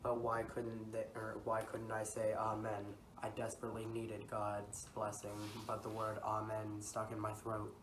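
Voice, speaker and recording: A teenage boy playing a guilt-ridden lord who has just committed murder, reading in a flat, stumbling way for a school project. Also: lowish voice, normal speed, few pauses, close to an everyday voice. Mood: shaken. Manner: reads lines flatly with stumbles and self-corrections. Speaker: student actor. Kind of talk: amateur school-project reenactment. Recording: echoey room from a distance, noisy.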